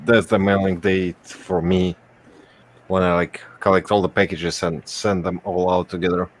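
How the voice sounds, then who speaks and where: A man from Wisconsin hosting a casual stream chat, often pausing mid-sentence to find his words. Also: low-pitched, flat delivery. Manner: halting, stops often to search for words. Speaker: stream host.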